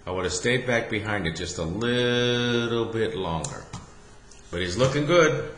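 A man's voice: mid-range voice, lively intonation, unhurried, a bit bright, reverberant, slight background noise. A middle-aged man, a golf instructor, gives a folksy, chatty swing analysis over video and keeps asking "see?".

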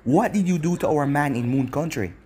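A man voicing a stern, shouting young ninja. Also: fairly high pitch, fairly quick, slightly rough. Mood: angry. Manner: shouting accusations.

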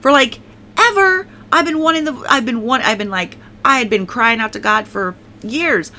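A woman's voice: a little high, animated, a little fast, pushed and bright, slight background noise. A woman giving a casual spoken faith testimony, rambling and emphatic, leaning on "like" and repeating herself, and now and then thanking God aloud. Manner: prays aloud.

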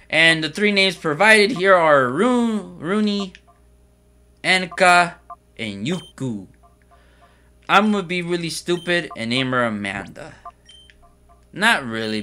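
A man's voice: mid-range voice, sharp tone, slight background noise. A man giving casual video game commentary, full of rambling, jokey asides. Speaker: let's player.

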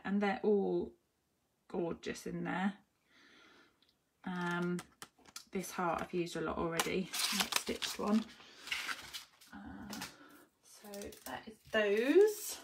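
A woman chatting through a live-streamed craft tutorial. She thinks aloud with many ums and greets viewers by name as she works. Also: mid-range voice. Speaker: papercraft demonstrator. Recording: clear background noise.

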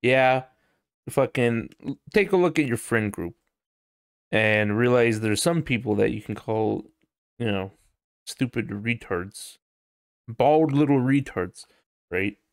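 A man's voice: medium pitch, animated, slow, long pauses, no echo, studio quality. A man hosting a casual solo podcast, rambling, swearing freely and laughing often. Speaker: podcast host.

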